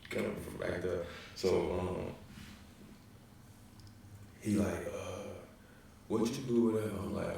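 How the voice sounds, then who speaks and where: Low, gravelly Chicago man in an echoey room. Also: steady tone, takes it slowly, pauses often, dark tone, far from the mic, slight background noise. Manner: loose, rambling, slangy, with many fillers. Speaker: storyteller. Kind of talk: casual storytelling.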